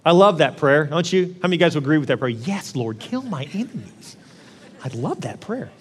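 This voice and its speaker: A male pastor preaching a conversational sermon, often acting out prayers in a lively voice. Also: a little high, rapid-fire. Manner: conversational, acts out prayers in an animated voice. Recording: long reverb of a large hall.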